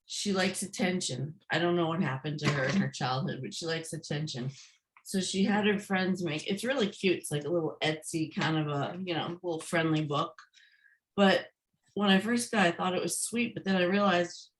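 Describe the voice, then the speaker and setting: A woman's voice: low-pitched, a little fast, fairly bright tone, slight background noise, rough recording. A woman author being interviewed, speaking in a forthright, emphatic way. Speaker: guest, author. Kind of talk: interview conversation.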